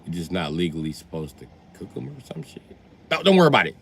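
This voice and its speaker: A man's voice: low voice, big pitch swings, fast talker, vocal fry, a little hiss or hum. A man hosting a livestream, ranting crudely and teasing his chat as he riffs off their comments. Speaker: livestream host. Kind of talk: profane comedic rant to chat.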